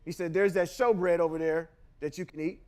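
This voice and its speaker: Male podcast host with a high voice, reads scripture, then argues it in punchy, slangy asides. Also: steady tone, brisk, darkish tone, smooth. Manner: emphatic, confrontational, slangy asides. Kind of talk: scripture reading with casual commentary.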